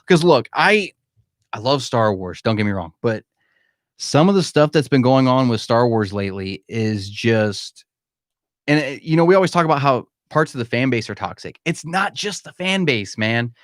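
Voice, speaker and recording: Candid male podcast host, mid-pitched, dry close sound, casual home live-stream. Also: expressive, moderate pace, no room sound. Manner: candid, emphatic, calls listeners "man". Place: home room.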